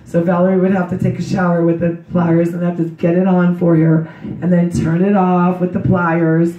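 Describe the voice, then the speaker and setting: A middle-aged woman with a loud voice gives a slow, earnest memorial tribute to her daughter. She speaks religiously and wanders into asides as she recites a poem. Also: lowish voice, flat delivery. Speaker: grieving mother giving a memorial tribute. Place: memorial gathering in a large room. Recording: echoey hall, distant dull mic.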